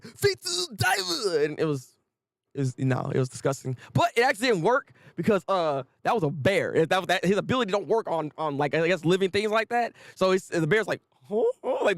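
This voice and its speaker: A man runs a casual anime recap in a high, bouncy voice that swings up and down. He laughs often and acts out the characters' lines as he goes. The sound is dry and close to the mic. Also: no echo. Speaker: anime review host.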